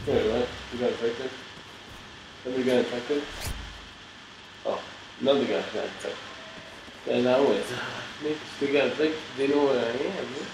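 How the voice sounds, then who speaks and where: A man commentating on his own game session, cursing constantly at a teammate. His voice sits at an ordinary pitch. It is recorded in a roomy space with loud game noise behind him. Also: moderate pace, pauses often, distant mic. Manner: profane, swearing at a teammate. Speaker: gaming video host. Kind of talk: live gameplay commentary.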